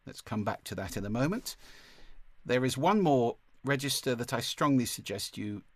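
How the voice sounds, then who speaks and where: A man teaching a masterclass on speaking, with a clear, deliberate delivery and occasional vocal demonstrations. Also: mid-range voice, animated, dry recording. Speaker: speaking coach. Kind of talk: online masterclass lesson.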